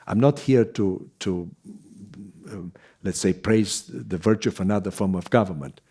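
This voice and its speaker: A man speaking as a guest scholar in an academic conversation, thoughtful and halting, with many fillers and restarts. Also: low-pitched, dark tone, slightly rough.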